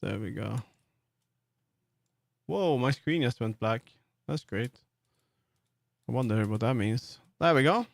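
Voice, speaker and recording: Speaking slowly with a creaky, expressive medium-pitched voice, this Swedish-accented man leaves long pauses as he chats on a live stream while working in 3D. He rambles, using lots of fillers and restarting often. The recording is dry.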